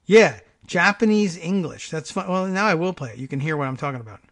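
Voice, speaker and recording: A man's voice: fairly high pitch, expressive, a little fast, fairly bright tone. A man hosting a morning talk radio show, thinking aloud and reading out online posts in a casual, rambling way.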